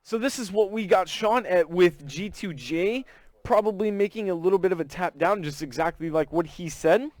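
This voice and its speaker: A man's voice: sits high, moderate pace, a little mellow, dry recording. A man from Texas with a Southern accent, hosting a live trading stream in casual, chatty talk and greeting viewers by name. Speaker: forex trading stream host.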